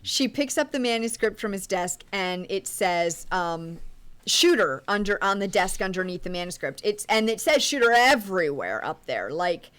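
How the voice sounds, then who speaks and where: Woman podcast host going through a movie plot, chatty and animated. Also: medium pitch, moderate pace, clear, resonant tone. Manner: recaps plot in detail, animated. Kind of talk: casual movie podcast chat.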